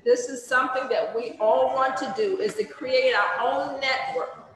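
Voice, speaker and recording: Slow-speaking woman host in an echoey hall. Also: high-pitched, fairly bright tone. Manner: slow, deliberate instructions. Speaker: event host. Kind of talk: hosting announcements. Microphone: video call.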